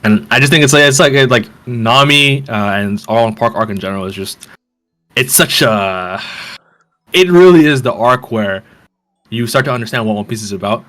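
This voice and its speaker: A man's voice: medium pitch, moderate pace, a bit bright. A man co-hosting a podcast, talking casually and rambling with lots of fillers and restarts. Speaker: podcast co-host.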